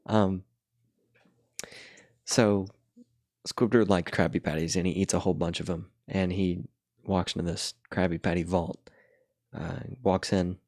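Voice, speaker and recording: Very low-voiced man, dry close sound. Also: steady tone, a little slow, pauses often, a little mellow, no echo. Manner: rambling, laid-back storytelling with chuckles. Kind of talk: casual chat while drawing.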